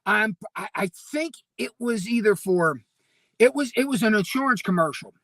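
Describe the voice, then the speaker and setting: Male co-host, bright forceful voice, lively storyteller who laughs a lot, dry close mic. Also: high voice, normal speed, dry recording. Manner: animated storyteller, laughs often. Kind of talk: casual chat.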